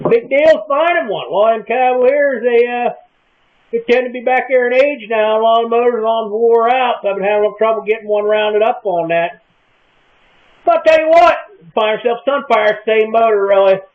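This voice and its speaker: A man with a high, thin voice rambles through a casual monologue in a folksy, unhurried small-town manner. The sound is tinny and narrow, as if heard over a phone line. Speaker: comic vlogger in character.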